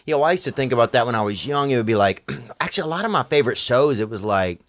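A man's voice: mid-range voice, lively intonation, very fast, a bit bright, dry recording, clean studio sound. A man hosting a podcast in casual interview chat, easygoing and often chiming in with agreement. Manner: easygoing, frequent agreeing backchannel. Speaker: podcast host.

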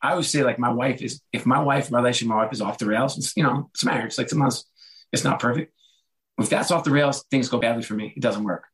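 A man's voice: mid-range voice, quick pace, fairly bright tone, low-quality recording. A middle-aged man, an author, talking in a casual podcast interview, chatty and self-deprecating, acting out what others said to him. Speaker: author and guest.

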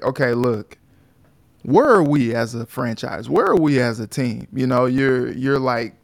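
A man co-hosting a sports talk show with a mid-range voice. He talks in a relaxed, chatty way with many filler phrases, and the sound is close and dry. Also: medium pitch, no echo. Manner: relaxed and conversational, frequent "you know" fillers.

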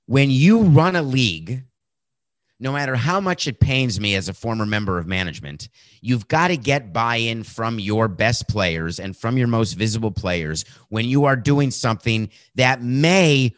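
A man hosting a sports podcast, talking sarcastically and acting out quotes with animated, mocking voices. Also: medium pitch, unhurried, dry recording, clean studio sound. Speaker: podcast host.

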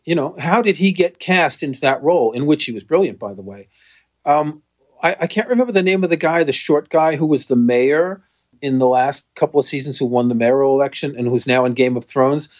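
A man's voice: a little high, fairly quick. A man from the United States, a podcast guest in casual chat, musing aloud and often trailing off.

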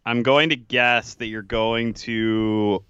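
A man co-hosting a sports podcast talks casually and playfully, laughing often. His voice is bright and crisp. The sound is slightly dull and lo-fi. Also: mid-range voice, steady tone, slow pace, no echo. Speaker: podcast co-host.

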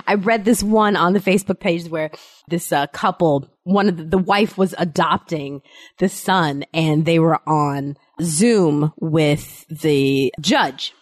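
A woman in casual chat, telling stories with lively asides and mock scolding. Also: low voice, takes it slowly, no room sound, studio quality.

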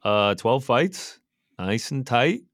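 A man's voice: medium pitch, sing-song, slow pace, a bit bright, dry recording, clean studio sound. A man co-hosting a casual sports-betting podcast, rambling along with fillers and restarts. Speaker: podcast co-host.

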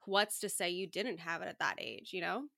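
A woman's voice: on the low side, moderate pace, gravelly, sharp tone, dry recording, studio quality. A woman hosting a podcast, supportive and easygoing as she chats with her guest. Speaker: podcast host. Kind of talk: casual interview chat.

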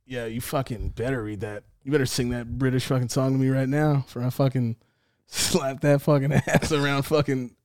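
A man's voice: mid-range voice, fairly even intonation, normal speed, darkish tone, no room sound, clean studio sound. A man hosting a podcast, playing a party game with crude, rambling, profane banter and frequent laughter. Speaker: podcast host.

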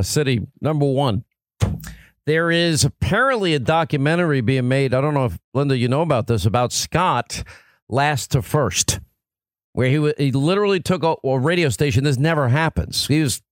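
A man hosting a political talk radio show, punchy and combative with quick asides, on a studio microphone. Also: fairly high pitch, no echo.

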